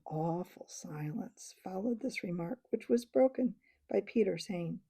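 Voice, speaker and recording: Woman reading a kids book aloud, gravelly mellow voice, pretty expressive. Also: on the low side, unhurried, few pauses, no echo. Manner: expressive, varied voices for characters. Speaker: audiobook reader. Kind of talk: storybook read-aloud.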